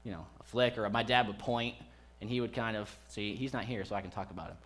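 A man's voice: lowish voice, fast, fairly bright tone. A man in his thirties, a pastor giving a conversational sermon in a church, chatty and joking with the congregation.

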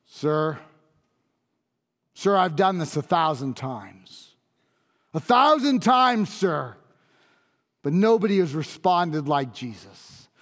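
A man performs a dramatic first-person monologue as a grave Roman centurion, solemn and awed, speaking in a high, fairly bright, unhurried voice. Very animated and fully in character, he pleads intensely and repeats phrases for emphasis, his words trailing into the long echo of a large hall.

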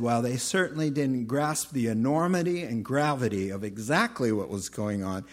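A man preaching a sermon, emphatic, swinging between loud exclamations and quiet asides. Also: medium pitch. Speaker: pastor.

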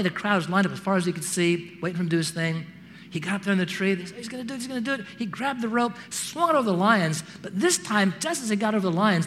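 Animated man preaching in a hall. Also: high voice, slight background noise. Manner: animated, acts out voices in stories. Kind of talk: sermon with storytelling.

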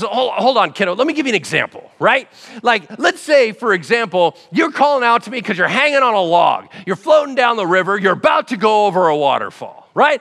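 A man preaching a sermon as pastor. He talks in a lively, conversational way and acts out little dialogues. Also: high-pitched, vocal fry, big-room sound.

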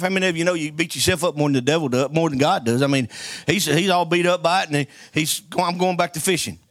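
Higher-voiced joking preacher man. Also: no echo. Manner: lively, joking and storytelling, with call-and-response to the congregation. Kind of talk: sermon.

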